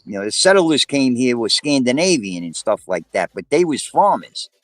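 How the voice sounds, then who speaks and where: A sixty-something man with a New York accent, chatting loosely on a livestream panel. He rambles from one thought to the next and drops swear words freely. His voice sits at a middle pitch and sounds dry and close, with no room around it. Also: big pitch swings, moderate pace, no room sound. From Brooklyn, New York. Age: 60s. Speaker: panel guest. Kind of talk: casual chat on a livestream.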